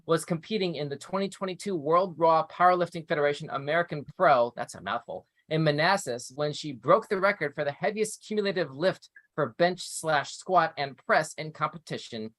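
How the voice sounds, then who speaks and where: A man's voice: on the high side, fairly quick, hardly any pauses, a bit bright, no echo. A man hosting a live news review show, reading articles aloud with chatty asides. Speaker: show host.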